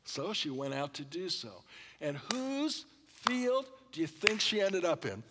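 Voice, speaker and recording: A male pastor delivers an expository sermon with a somewhat high voice for a man. He keeps checking in with his listeners and often pauses to clear his throat. His words ring out with the long reverb of a church hall. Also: sing-song, background noise. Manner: expository preaching with congregation call-and-response.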